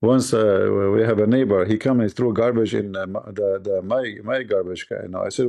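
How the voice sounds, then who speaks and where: A man's voice: lowish voice, normal speed, vocal fry, dark tone. Joking male livestream host. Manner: joking storyteller, mimics voices, laughs often. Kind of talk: livestream debate chat.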